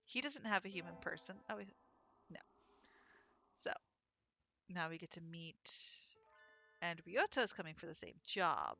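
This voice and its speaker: Bright-voiced woman streaming a game. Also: on the low side, expressive, measured pace, creaky, pauses often, faint music behind. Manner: chatty, reads dialogue aloud between asides. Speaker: gaming streamer. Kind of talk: let's play commentary, reading game text aloud.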